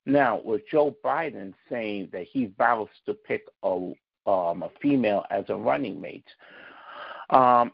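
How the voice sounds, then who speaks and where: A man, a podcast guest, giving measured political opinions with sarcastic asides, on dull lo-fi audio. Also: on the low side, creaky, husky, no room sound. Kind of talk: casual political discussion.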